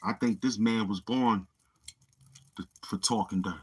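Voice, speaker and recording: A man's voice: lowish voice, steady tone, measured pace, slightly rough. A man with a New York accent hosting a livestream, boasting and taunting his chat in street slang. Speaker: livestream host. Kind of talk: live-stream trash talk.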